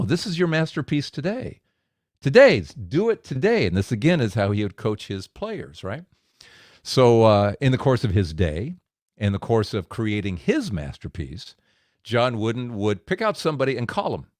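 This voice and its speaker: A man giving a devotional message for men, storytelling with lively acted-out quotes. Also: on the low side, no echo, clean studio sound. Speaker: speaker of a men's devotional.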